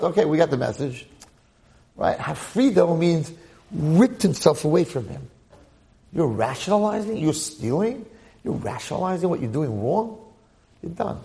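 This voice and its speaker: Gravelly man giving an animated Torah class. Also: fairly high pitch, normal speed. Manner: animated storytelling with repeated phrases and acted quotes. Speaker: rabbi teaching the weekly Torah portion.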